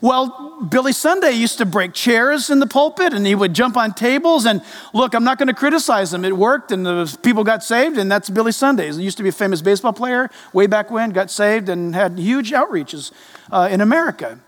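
A male pastor preaching a sermon in a church, animated and speaking directly to the congregation. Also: high-pitched, brisk. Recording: echoey reverb of a large hall.

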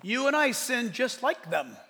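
A high-pitched man preaches with a lively, swooping delivery, mixing jokes into the sermon. His voice has a gravelly edge, and a long hall reverb trails each phrase. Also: unhurried. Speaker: pastor.

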